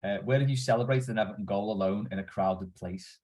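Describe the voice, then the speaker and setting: A man's voice: lowish voice, fast, darkish tone. A man hosting a casual football podcast, reading out listener questions and laughing along with his guests. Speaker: podcast host.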